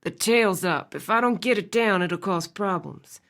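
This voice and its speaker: Low raspy male rancher voiced by a woman, calm, soothing, audiobook. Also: measured pace. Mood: steady, instructive. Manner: coaxing, gentle and soothing.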